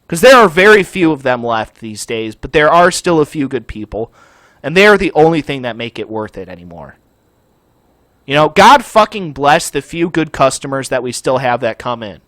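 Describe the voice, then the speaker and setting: Furious, animated swearing gaming host. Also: male voice, a little high, no room sound. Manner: profane, furious, yelling rant. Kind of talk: angry ranting commentary over gameplay.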